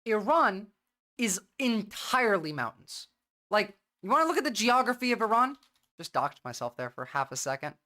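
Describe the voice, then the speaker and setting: A woman's voice: mid-range voice, big pitch swings, normal speed, sharp tone. A woman hosting a livestream, talking bluntly and rambling in casual commentary. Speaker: livestream host.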